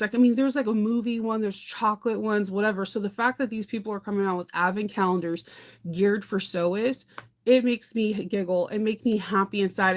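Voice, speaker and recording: Chatty woman hosting a sewing livestream. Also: mid-range voice. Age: adult parent. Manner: chatty, rambling, laughs often, answers viewer comments. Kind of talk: casual livestream chat.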